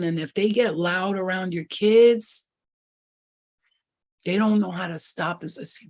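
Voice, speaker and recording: A woman's voice: on the low side, slow pace, long pauses, darkish tone. A woman giving an intuitive spiritual reading to her viewers, rambling and repeating herself, then turning blunt, profane and fiery. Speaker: spiritual reader.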